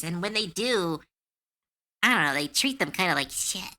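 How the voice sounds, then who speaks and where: A woman streaming live, chatting casually, animated and opinionated, with lots of filler words and swearing. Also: mid-range voice, moderate pace. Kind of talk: casual livestream chat.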